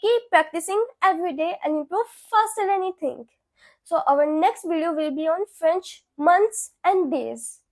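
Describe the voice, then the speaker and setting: A young woman teaches beginner French at a very slow, careful pace, saying every phrase twice. Her voice sits very high. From India. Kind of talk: beginner language lesson.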